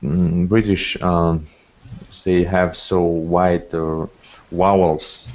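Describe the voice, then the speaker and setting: A man, a student in an online class, speaking haltingly as he searches for words. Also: sits low, level tone, a little mellow. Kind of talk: class discussion. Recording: dull lo-fi audio.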